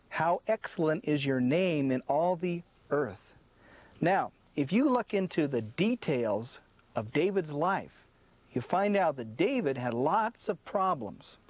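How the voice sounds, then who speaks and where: Lively, emphatic male preacher. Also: fairly high pitch, no echo. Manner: emphatic, repeats "listen" to drive points home; asks rhetorical questions and answers them. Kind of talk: sermon.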